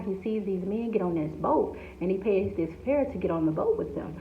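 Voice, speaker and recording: A woman's voice: mid-range voice, lively intonation, moderate pace, few pauses. A woman giving an informal devotional message in a conversational way, with frequent asides to the listener. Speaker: devotional speaker. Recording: echoey, tinny phone-like sound.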